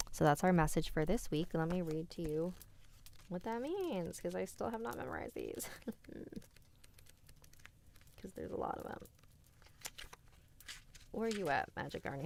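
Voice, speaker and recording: A woman hosting a live stream, reading listener stories and chatting calmly with her chat. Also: deep voice, vocal fry, clear, resonant tone, dry recording. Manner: calm, conversational reading with soft asides.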